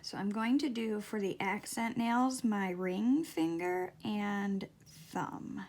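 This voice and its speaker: A middle-aged woman giving a casual nail tutorial at home, talking slowly and softly, often dropping to near-whispers. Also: mid-range voice. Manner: slow, soft-spoken, drops to near-whispers. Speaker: beauty vlogger. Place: home, at a table.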